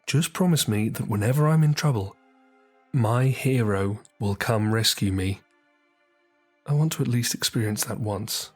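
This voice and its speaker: A man voicing a gentle, anxious young village girl in a soft, hesitant tone pitched up from his own voice. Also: a little slow, soft background music.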